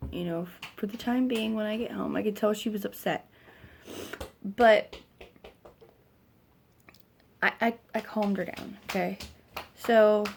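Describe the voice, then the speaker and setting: A woman's voice: mid-range voice, vocal fry, darkish tone, slight background noise. A young woman venting about a hard weekend as a mother, rambling and frustrated, with lots of fillers and a weary, stressed edge. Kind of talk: casual venting vlog.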